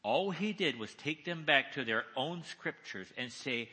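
Lively, bright-voiced man preaching in a hall. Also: medium pitch, slightly rough. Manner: reads slowly, deliberately, with emphasis; asks the audience questions. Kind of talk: conference sermon with scripture reading. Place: large conference hall. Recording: echoey hall reverb.

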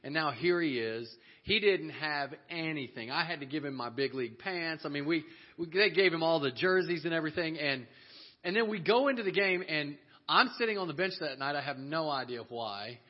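Husky-voiced man telling a lively story. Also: fairly high pitch, brisk. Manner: animated, laughs often, acts out the people he quotes. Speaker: speaker telling a story to a church audience. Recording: dull lo-fi audio.

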